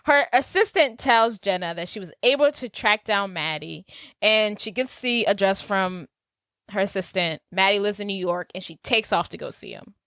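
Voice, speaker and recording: A woman's voice: mid-range voice, moderate pace, no room sound. Easygoing woman podcast co-host. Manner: relaxed, chimes in with agreement and corrections. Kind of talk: casual movie recap chat.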